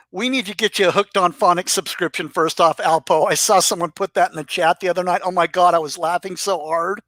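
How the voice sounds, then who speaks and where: A YouTube commentator roasts the regulars of a live-stream chat in a casual, profane monologue, teasing them and rambling with restarts. His mid-range voice is a bit bright, at normal speed, with no room sound.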